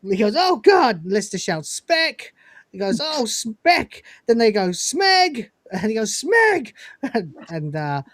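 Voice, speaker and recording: A fairly high-pitched male voice, recorded with no room sound. He hosts a podcast reviewing episodes in a casual recap style, bringing scenes to life as a lively storyteller who acts out the characters' words.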